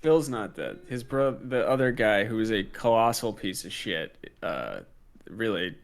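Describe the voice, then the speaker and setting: A man's voice: on the low side, big pitch swings, a little slow. A man with a Philadelphia accent co-hosting a casual live-stream chat, rambling and swearing casually as he trails off mid-thought. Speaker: co-host.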